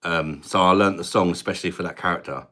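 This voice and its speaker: A British man hosting a casual live-stream beer review, his voice sitting low and deep. He banters loosely with viewers, laughs a lot and drops the odd casual swear word. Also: fast talker, pushed and bright. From Britain.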